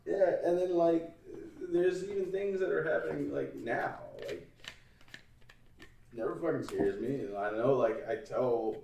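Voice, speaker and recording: A man's voice: on the high side, steady tone, a little slow, gravelly, warm tone, recorded from a distance, a little hiss or hum. A man chatting casually on a podcast, telling a long story in a rambling way, with plenty of swearing and laughter. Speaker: podcast host. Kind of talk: casual chat. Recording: roomy, off-mic sound.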